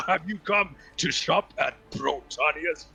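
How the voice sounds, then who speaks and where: A man's voice: fairly high pitch, takes it slowly, vocal fry, pushed and bright, breathy edge, faint music behind, pitched above the performer's own voice, exaggerated voice. A man voicing a big, boisterous male minotaur merchant who laughs and blusters like a salesman.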